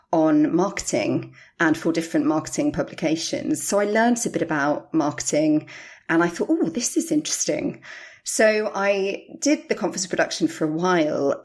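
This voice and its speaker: A middle-aged woman, a podcast guest, candidly telling her career story with animated quoted voices. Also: on the low side. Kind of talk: interview storytelling.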